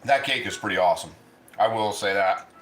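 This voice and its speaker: A man's voice: on the low side, fairly quick, fairly bright tone, reverberant. A man hosting a casual cooking livestream, chatting loosely and eating as he talks. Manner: chatty, rambling, eats while talking.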